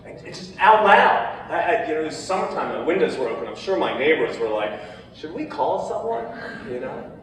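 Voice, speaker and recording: A man telling a personal story of grief, halting and emotional, with many restarts. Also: fairly high pitch, lively intonation, fairly bright tone, slight background noise. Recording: echoey hall, heard from far off.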